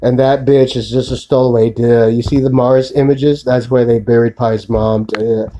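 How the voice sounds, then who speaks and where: A man's voice: medium pitch, little pitch movement, moderate pace, dark tone, slight background noise, low-quality recording. A man in a rambling solo monologue, ranting profanely and accusingly, repeating filler tags and addressing an unseen woman.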